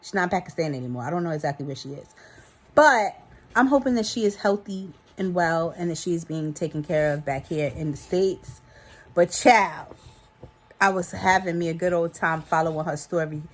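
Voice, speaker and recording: A woman's voice: lowish voice, moderate pace. Chatty New York woman in her thirties. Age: 30s. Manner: chatty and animated, addresses viewers as y'all. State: a little tipsy. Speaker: vlogger. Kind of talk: casual chat to camera.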